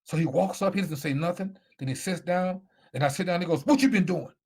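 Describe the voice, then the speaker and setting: A man's voice: high voice, brisk, a little mellow. A middle-aged man, a former football player, telling his life story as a guest speaker, emphatic and repeating himself. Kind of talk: personal storytelling.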